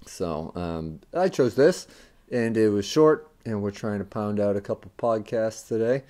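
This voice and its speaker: Man, low-ish voice, dry humor, casual podcast banter, co-host. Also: expressive, measured pace, warm tone. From United States. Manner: dry, joking, defensive banter. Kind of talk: casual chat.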